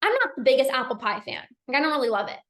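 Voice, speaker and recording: A woman coach talking casually in a live session, energetic and chatty with many restarts. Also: sits high, racing, reverberant. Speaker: binge eating coach hosting a live session. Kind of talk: casual live-stream talk.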